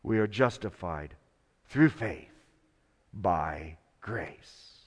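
A man preaching a sermon as pastor, slow and dramatic, moving from hushed words to loud ones. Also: deep voice, lively intonation, long reverb tail.

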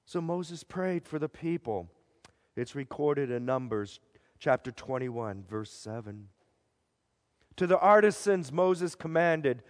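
High-voiced man preaching in a reverberant hall. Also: lively intonation, slow pace. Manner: theatrical, swings between loud declarations and hushed lows. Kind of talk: dramatic storytelling sermon. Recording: long reverb of a large hall.

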